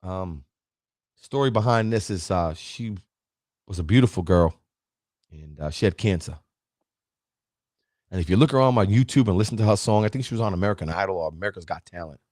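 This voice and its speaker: A man's voice: low-pitched, fairly quick, long pauses, darkish tone, no room sound, clean studio sound. A man hosting a motivational livestream, preaching about never quitting and greeting viewers by name, at times choked up. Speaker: livestream host. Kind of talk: motivational live stream talk.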